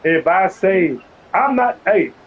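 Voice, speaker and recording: A man's voice: sits high, sing-song, slow pace, slightly rough, phone-quality sound. A man streaming a video game, arguing heatedly with an opponent over voice chat and repeating himself to cut in. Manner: agitated, keeps repeating "hold on".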